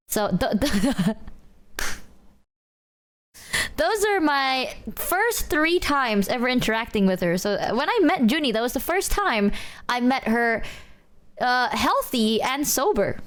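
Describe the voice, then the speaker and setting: A high-voiced woman streamer chatting to her audience, her pitch swinging up and down with energy. She laughs a lot and trips over her words as she talks. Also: big pitch swings, moderate pace. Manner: laughs often, stumbles and restarts. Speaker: streamer reacting to clips. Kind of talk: casual chat to stream chat.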